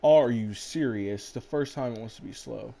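A man chatting over his gameplay in a relaxed, rambling way, cursing offhandedly. His voice is dark and mellow, sitting at an ordinary middle pitch. It has the easy tone of someone talking with a friend while playing. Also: moderate pace, gravelly. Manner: laid-back, rambling, swears casually. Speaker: gaming channel host. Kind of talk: casual gameplay chat.

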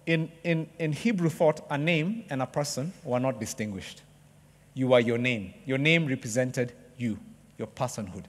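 A man preaching a sermon to a church congregation, joking with the crowd and acting out excited sports fans. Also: medium pitch. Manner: lively, jokes with the congregation, acts out excited fans. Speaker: pastor. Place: church hall. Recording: long hall reverb.

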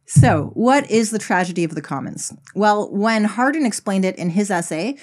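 A woman's voice: medium pitch, lively intonation, normal speed, a little mellow, a little hiss or hum. A woman narrating an explanatory video essay, telling a story in a wry, conversational way.

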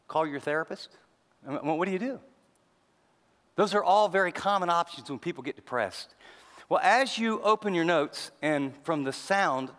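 A man with a high voice preaches animatedly, firing off question after question. His voice rings through a large hall with a long reverb. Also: fairly bright tone. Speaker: pastor. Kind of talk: sermon.

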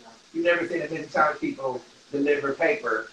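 A man's voice: a little high, brisk, fairly bright tone, slight background noise, low-quality recording. A man chatting casually on a livestream, laughing often and reading viewer comments aloud in a loose, rambling, profane way.

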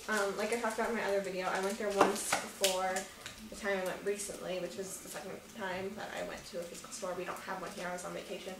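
A woman's voice: medium pitch, little pitch movement, quick pace. A young woman chatting casually in a rambling, giggly way as she shows off a shopping haul. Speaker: vlogger. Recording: echoey room from far off with noise.

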